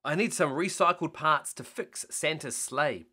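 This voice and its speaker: A man voicing a calm, confident boy who leads a rescue team, giving orders. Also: fairly high pitch, a little slow, slightly rough, exaggerated voice. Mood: commanding.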